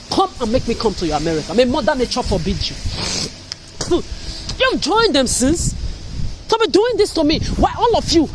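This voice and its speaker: A woman's voice: a little high, a little hiss or hum, poor audio. A woman from Africa delivering an angry, cursing vlog monologue, repeating herself and hurling accusations. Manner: furious, repetitive, cursing, accusatory. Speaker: vlogger.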